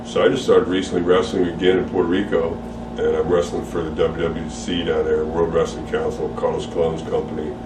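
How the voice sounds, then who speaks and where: Very deep middle-aged man in a candid interview, relaxed and rambling, recorded far off in an echoey room. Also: a little fast. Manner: relaxed, rambling, frequent fillers and repeated words. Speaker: interview guest, retired wrestler. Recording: roomy echo, distant mic, faint hum.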